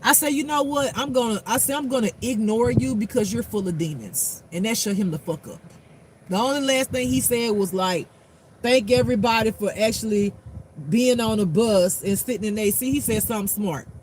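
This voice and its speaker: A man with a strikingly high voice tells a story in a casual, blunt, animated way, swearing freely and acting out what people said. He talks as a spiritual life coach. Clear street and car noise runs behind him. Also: fairly quick, rough recording. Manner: acts out quotes in a raised voice. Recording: clear outdoor traffic noise. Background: passing cars and street noise.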